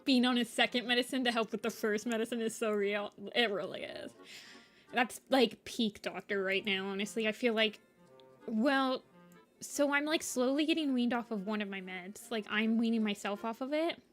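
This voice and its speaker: A young woman talks loosely with her viewers as she draws, stringing thoughts together with plenty of fillers. Her voice sits a little high, and faint music plays underneath. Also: normal speed. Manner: chatty, rambling, lots of fillers like "like". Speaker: art streamer. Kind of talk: casual chat while drawing. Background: soft background music.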